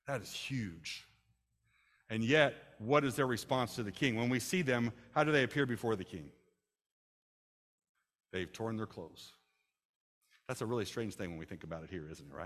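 A Midwestern male pastor with a mid-range voice delivers a sermon in a church sanctuary. He preaches conversationally, asking the congregation rhetorical questions, and the recording has a long, reverberant hall sound.

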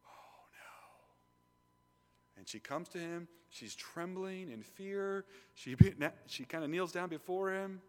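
A male pastor preaching a sermon in an animated, conversational way, swinging between loud emphasis and quiet intensity. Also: high-pitched, a little slow, hardly any pauses, smooth, big-room sound. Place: church sanctuary.

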